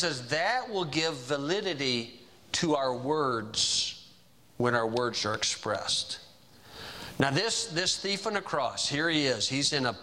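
Bright-voiced folksy male preacher. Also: mid-range voice, a little hiss or hum. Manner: folksy, conversational preaching with asides. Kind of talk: sermon.

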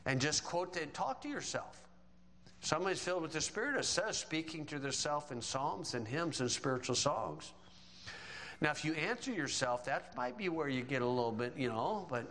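A man's voice: fairly high pitch, animated, brisk, sharp tone, in a large hall, poor audio. A man preaching a sermon in a folksy way, quoting scripture and joking with the congregation. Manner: folksy, joking asides between scripture quotes.

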